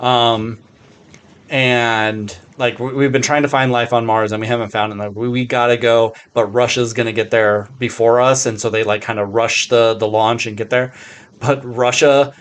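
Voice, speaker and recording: A man's voice: mid-range voice, flat delivery, normal speed, clean tone. A man co-hosting a podcast in casual chat, rambling with lots of "like" and a good deal of swearing. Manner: rambling, heavy on fillers and swearing. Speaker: podcast co-host.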